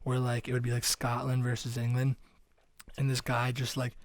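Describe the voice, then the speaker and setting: A man's voice: medium pitch, completely flat delivery, normal speed, no room sound. A man co-hosting a casual comedy podcast, joking and swearing and laughing often. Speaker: podcast co-host. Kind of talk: casual chat. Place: small home studio.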